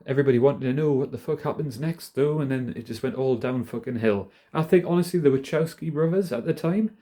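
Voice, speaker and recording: Casting: a man with a mellow voice, rambling and profane, ranting casually into a hand-held phone. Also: medium pitch, a little fast. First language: not American. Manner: profane, rambling, laughs often. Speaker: vlogger.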